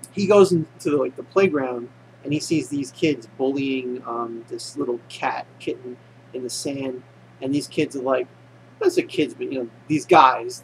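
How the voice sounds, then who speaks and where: A man's voice: mid-range voice, slight background noise, poor audio. A man casually recapping an anime episode, rambling and full of fillers and restarts. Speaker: anime reviewer.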